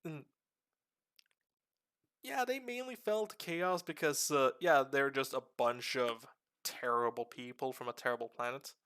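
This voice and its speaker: A man streaming live and explaining game lore to a friend in a casual, animated way with casual swearing. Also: medium pitch, measured pace, clear, resonant tone.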